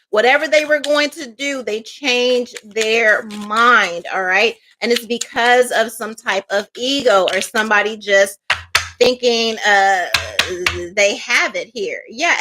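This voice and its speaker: Bright chatty woman reading tarot. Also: fairly high pitch, slight background noise. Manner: chatty, loose storytelling with many fillers and asides. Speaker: tarot reader. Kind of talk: casual tarot reading monologue.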